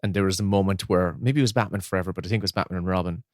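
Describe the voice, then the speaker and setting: A man's voice: sits low, racing, no echo, clean studio sound. A man co-hosting a podcast, telling stories with lots of laughing during casual chat about films. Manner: laughs often, animated storytelling. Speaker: podcast co-host.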